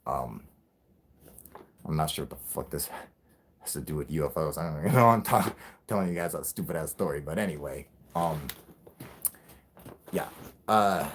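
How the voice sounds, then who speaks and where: A man's voice: rumbling low, expressive, moderate pace, long pauses, a little hiss or hum. Rambling, profane man. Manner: rambling, profane, laughing often. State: high. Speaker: livestream host. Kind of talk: casual livestream chat.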